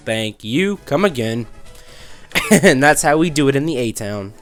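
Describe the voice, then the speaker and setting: A young man in his twenties talks casually over his gameplay, rambling and breaking off his story to react to the game. His voice sits at an ordinary middle pitch. Faint game music plays behind him. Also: lively intonation, a little slow. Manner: rambling, distracted, restarts mid-sentence while playing. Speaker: let's play host.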